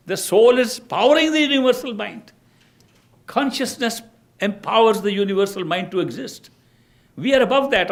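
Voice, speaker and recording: This spiritual discourse comes from an older male teacher with a high voice. Measured in his storytelling, he repeatedly restarts phrases as he goes.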